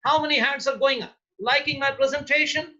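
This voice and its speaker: A man's voice: extremely high pitch, steady tone, a little fast, bright, forceful tone, muffled recording. A male leadership trainer giving a motivational workshop talk in emphatic, punchy short exhortations.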